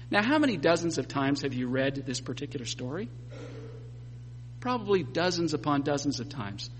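A man preaching a sermon and reading scripture aloud, telling it with lively joking asides. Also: sits high. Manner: animated storytelling with joking asides. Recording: long hall reverb, faint hum.

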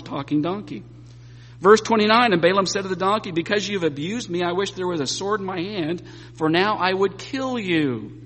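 A man preaching a sermon and reading scripture aloud, telling it with lively joking asides. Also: a little high. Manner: animated storytelling with joking asides. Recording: long hall reverb, faint hum.

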